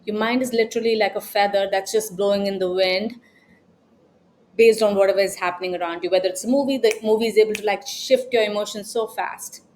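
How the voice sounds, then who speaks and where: A woman's voice: medium pitch, fairly even intonation, fast, a little mellow, a little hiss or hum. A woman self-help coach giving an emphatic, scolding motivational talk, repeating her points. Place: New York.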